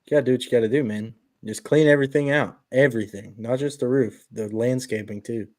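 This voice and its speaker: Man, podcast host, casual chat, joking, middle pitch, dry close sound. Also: fast, darkish tone, no room sound. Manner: joking, easygoing, talks to the listeners directly. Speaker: podcast host and window cleaner.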